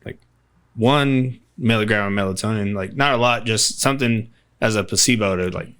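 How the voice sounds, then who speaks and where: Man, casual podcast guest, lowish voice, bright tone, rambling, lots of fillers. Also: moderate pace, clear, resonant tone. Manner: relaxed rambling with many fillers.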